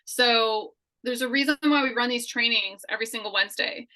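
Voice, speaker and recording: A woman's voice: a little high, a little fast, sharp tone, rough recording. A woman hosting a weekly team training call, speaking in an upbeat, persuasive way.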